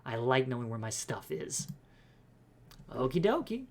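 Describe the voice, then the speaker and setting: A man's voice: mid-range voice, sing-song, measured pace. A man voicing a cheerful, chatty woman housekeeper who is eager to please, gushing as he goes. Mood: bubbly. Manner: bubbly, gushing.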